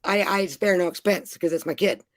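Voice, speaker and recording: A woman's voice: on the low side, normal speed, no echo. A middle-aged woman, a mother, telling rambling, profane travel stories in casual chat.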